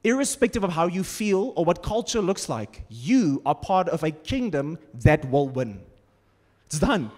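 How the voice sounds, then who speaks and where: A man's voice: fairly high pitch, very animated, unhurried, a little mellow. A man preaching a sermon as pastor, conversational and humorous with sarcastic asides. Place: large church auditorium. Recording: long church-hall reverb.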